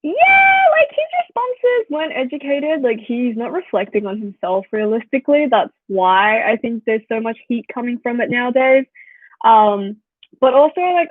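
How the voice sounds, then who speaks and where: A young Australian vlogger in her twenties, with a slightly high voice, chats casually to viewers and tells animated stories packed with "like" fillers. The sound is tinny, phone-like and dry, with no room sound.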